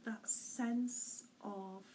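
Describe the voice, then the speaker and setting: A middle-aged woman, a spiritual medium, giving an unhurried, gentle weekly message with soft laughs and hesitant pauses. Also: mid-range voice, fairly even intonation, a little hiss or hum, rough recording.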